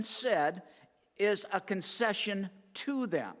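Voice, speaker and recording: A high-pitched male pastor walks a class through a verse, weighing each translation with many "uh" fillers and restarts. His voice carries a long reverb from the church hall. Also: slow. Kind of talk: verse-by-verse Bible teaching. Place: church sanctuary.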